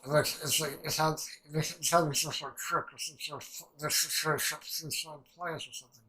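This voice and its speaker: Young man, bright forceful voice, excitable, profane, rambling reaction commentary. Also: a little high, fairly quick, rough recording. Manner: excitable, rambling, heavy swearing. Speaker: anime reaction channel host.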